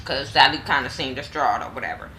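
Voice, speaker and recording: A woman's voice: rumbling low, fast, sharp tone, slight background noise, rough recording. A woman casually recapping a TV drama episode with slang and profanity, acting out the characters' lines in quotes. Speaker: TV show reviewer.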